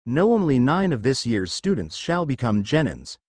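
A man's voice: medium pitch, big pitch swings, normal speed, a little mellow, no room sound. A man voicing an aloof, offhand adult male ninja teacher in a read-aloud fan story.

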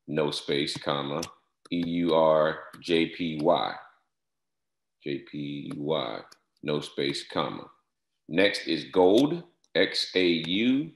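A man with a very low, deep voice talks through a screen-share tutorial one step at a time, spelling out entries and repeating short cues. The sound bounces around a bare, echoey room. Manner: step-by-step instructions, repeats "all right" and "no space, comma". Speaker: software trainer.

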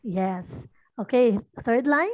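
A woman English teacher tutoring a young student in an online lesson, patiently repeating lines slowly to model stress. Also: on the high side, expressive, a little mellow, no echo.

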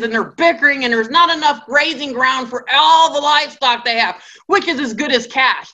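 A woman teaching a Bible study class in a lively storytelling style, acting out the people in her stories. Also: a little high, poor audio. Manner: acts out characters' voices in quotes.

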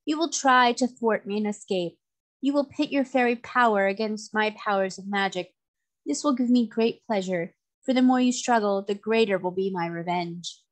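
A woman reading aloud, voicing a vengeful male sea magician who speaks slowly and sweetly with mocking calm. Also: mid-range voice, lightly acted. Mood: gloating.

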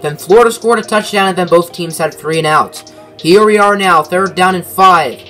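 Young man, gaming commentator, high-pitched, bright voice, play-by-play sportscaster style, dry asides, faint music behind. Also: moderate pace.

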